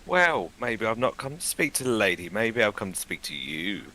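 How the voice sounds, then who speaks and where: A man's voice: on the low side, big pitch swings, normal speed, sharp tone, low-quality recording. A man playing a tabletop game who speaks in character in a cheeky, flirtatious way. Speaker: player.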